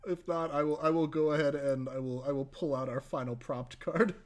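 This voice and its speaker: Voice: medium pitch, steady tone, fairly quick. A player running a tabletop role-playing game, laughing often between prompts. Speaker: game facilitator.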